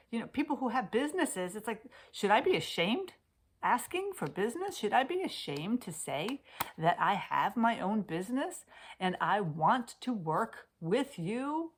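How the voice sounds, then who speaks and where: Pitched a little high, this woman coaches Swedish death cleaning in a heartfelt talk delivered directly to the camera on her computer's webcam. She keeps things intimate, sinking to near-whispers and then rising into emphatic statements.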